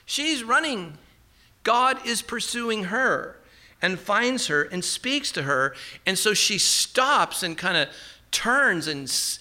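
A man's voice: high-pitched, pushed and bright. A man preaching a sermon in a conversational way, with casual asides and tag questions. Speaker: pastor.

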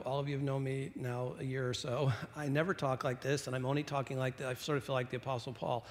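A man's voice: medium pitch, big-room sound. A middle-aged man preaching a sermon to his congregation in a chatty, self-deprecating way, with restarts and asides. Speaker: pastor. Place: church sanctuary.

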